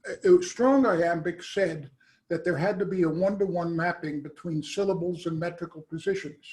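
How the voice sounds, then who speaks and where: A man, a professor, asking a long question after an academic talk, halting often with "uh" and restarting his sentences. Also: on the high side, darkish tone. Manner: hesitant, halting, many "uh" and restarts.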